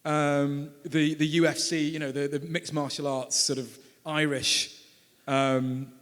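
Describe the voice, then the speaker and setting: Animated British male storyteller, hall reverb. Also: on the high side, measured pace. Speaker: author and filmmaker. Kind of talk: storytelling at a book talk. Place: event hall.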